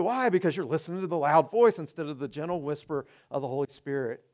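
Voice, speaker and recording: High-voiced pastor preaching animatedly. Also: male voice, brisk. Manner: animated, acts out people's excuses in shifting voices. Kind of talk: sermon.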